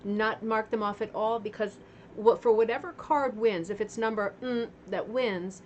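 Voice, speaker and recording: Hosting her craft club's livestream from home, this woman keeps up a chatty flow, greeting each viewer by name as she recovers from a sore throat. She speaks at normal speed in a steady, mid-range voice. The highs are cut off, there's a faint hiss or hum, and a fan runs in the background.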